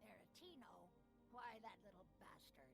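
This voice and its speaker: A woman voicing a vengeful, angry video game character who issues slow, menacing threats. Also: medium pitch, big pitch swings, gravelly, over music.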